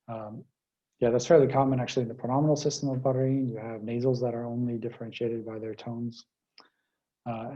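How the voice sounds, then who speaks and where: Dark-voiced man lecturing over a call. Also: medium pitch, muffled recording. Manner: methodical, explains step by step with frequent fillers. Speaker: linguistics guest lecturer. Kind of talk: explanatory lecture.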